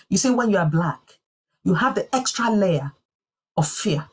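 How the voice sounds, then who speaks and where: Husky woman giving an earnest sermon testimony. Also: medium pitch. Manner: earnest, emphatic storytelling. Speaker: church speaker.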